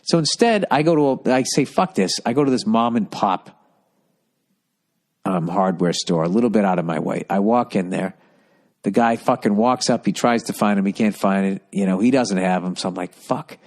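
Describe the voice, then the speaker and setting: A man's voice: fairly low pitch, normal speed, a little mellow. A middle-aged man hosting a podcast, rambling through a profane, ranting monologue full of stories. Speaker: podcast host.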